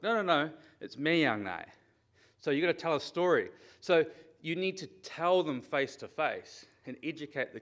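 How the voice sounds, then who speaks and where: New man, middle-aged, slightly high voice, conference talk, chatty, keeps asking "okay?". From New Zealand. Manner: lively, conversational, checks in with the audience often. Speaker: conference speaker. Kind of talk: conference presentation.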